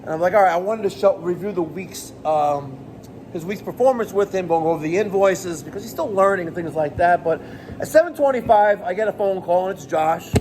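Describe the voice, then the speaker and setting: A middle-aged man vents as a plumbing boss in a vlog. His voice sits high and gets animated and exasperated, with plenty of swearing. Faint background noise runs under him. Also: brisk. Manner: animated, profane, exasperated ranting. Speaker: plumbing business owner. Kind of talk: rant vlog to camera.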